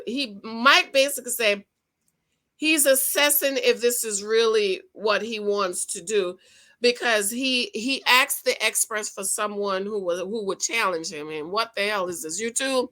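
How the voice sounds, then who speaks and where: A woman giving a sassy, animated recap of a reality TV episode, talking straight to her viewers. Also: mid-range voice, unhurried. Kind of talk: casual recap commentary.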